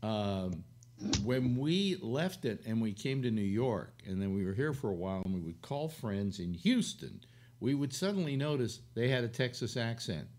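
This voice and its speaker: A man's voice: mid-range voice, big pitch swings, normal speed, darkish tone. An older man from California hosting a casual, rambling chat, full of fillers and restarts. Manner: meandering, many fillers and restarts. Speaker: show host.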